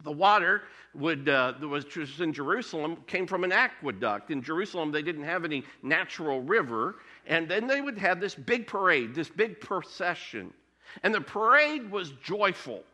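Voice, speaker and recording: Male pastor preaching, high bright voice, swings up and down a lot. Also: moderate pace. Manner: animated preaching, rising and dropping to near whispers. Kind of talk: sermon.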